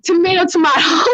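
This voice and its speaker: A woman co-hosting a podcast, animated and full of rhetorical questions in casual chat about a TV show. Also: extremely high pitch, no room sound, low-quality recording. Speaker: podcast co-host. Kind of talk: casual TV discussion.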